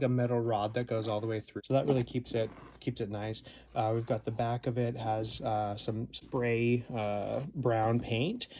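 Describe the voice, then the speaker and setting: A creaky, mid-range male voice narrates a toy unboxing at home, captured on a phone camera with background noise. The reviewer's commentary is casual, rambling and playful, packed with fillers and restarts.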